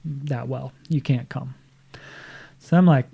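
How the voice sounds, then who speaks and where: A man's voice: medium pitch, takes it slowly, creaky, long pauses, husky. A man talking as a podcast guest, spinning a casual story in a mid-range voice. He often slips into other people's lines and laughs as he goes. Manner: lively anecdote-telling, quoting others, laughs often.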